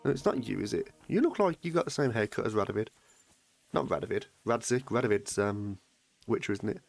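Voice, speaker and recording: A man streaming a video game live, commenting in a playful, excitable way and swearing freely. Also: fairly low pitch, brisk, creaky, faint music behind.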